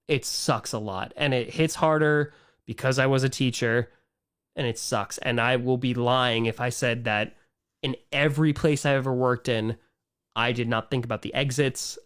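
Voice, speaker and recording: A young man ranting on a live stream, animated and exasperated, trailing off and repeating himself as he talks. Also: medium pitch, normal speed.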